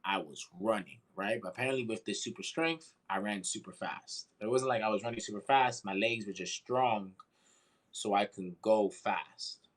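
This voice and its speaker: A man's voice: fairly low pitch, normal speed, low-quality recording. A man co-hosting a casual podcast, telling a story with lots of swearing and acted-out voices. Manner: animated, swearing, acts out voices in his stories. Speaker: podcast co-host.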